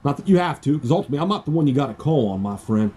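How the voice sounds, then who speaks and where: Fervent preaching man, husky mellow voice. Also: mid-range voice, animated, rapid-fire. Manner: fervent, preachy, quotes scripture in King James wording. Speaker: evangelist giving testimony. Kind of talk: preached personal testimony.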